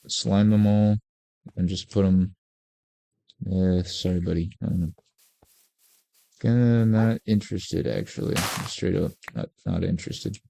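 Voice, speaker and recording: A man's voice: deep voice, creaky, warm tone, dry recording. Laid-back rambling man in his forties. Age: 40s. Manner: rambling, laid-back, self-mocking asides. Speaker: gaming video creator. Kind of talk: casual gameplay commentary.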